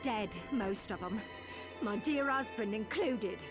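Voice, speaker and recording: An actress voicing a bitter, pleading village widow in a game. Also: female voice, on the high side, lively intonation, slow pace, music in the background. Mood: grieving. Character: vengeful grieving village widow.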